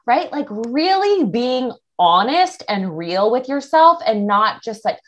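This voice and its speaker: A woman body image coach answering interview questions in a casual, animated way, acting out the thoughts of others. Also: fairly high pitch, takes it slowly. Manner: animated, acts out quoted thoughts.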